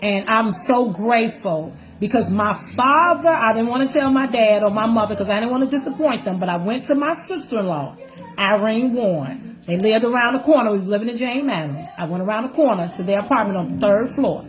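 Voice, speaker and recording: High-voiced woman telling her life story. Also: brisk, soft background music. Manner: animated, acts out voices of people in her story; Southern Black American vernacular, calls listener "baby". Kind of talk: casual personal storytelling.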